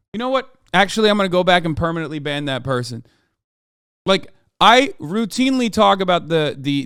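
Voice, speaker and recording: A man hosting a livestream, ranting at his chat in a profane, sarcastic, heated way, sometimes shouting. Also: smooth, dry recording, studio quality. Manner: shouts and raises pitch when ranting. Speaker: livestream host reacting to chat. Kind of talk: casual livestream rant.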